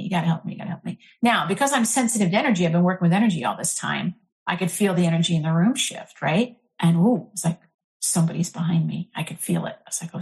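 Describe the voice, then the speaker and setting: A middle-aged woman, an interfaith minister, telling a candid personal story in an earnest, animated way, full of fillers. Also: fairly low pitch.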